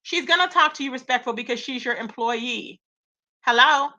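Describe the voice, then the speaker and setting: A woman's voice: high voice, normal speed, pushed and bright, highs cut off. A woman hosting a live gossip commentary stream, reacting with incredulous rhetorical questions and greeting her chat. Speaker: commentary channel host.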